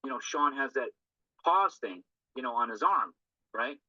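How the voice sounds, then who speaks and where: A man's voice: medium pitch, expressive, normal speed, bright, forceful tone, dry recording. A man talking earnestly and loosely through a recovery text, often checking in with a tag question. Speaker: recovery group speaker. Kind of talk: informal talk on a recovery text. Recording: dull lo-fi dry recording.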